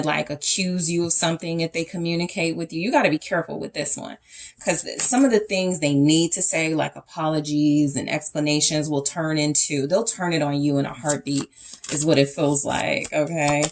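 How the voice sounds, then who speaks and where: A young woman with a low voice reads tarot cards for her viewers in a loose, chatty way. She thinks out loud, often restarting her sentences and filling pauses as she turns each card over. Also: fairly even intonation, slight background noise. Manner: casual, thinking aloud with fillers and restarts. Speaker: tarot reader. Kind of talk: pick-a-card tarot reading.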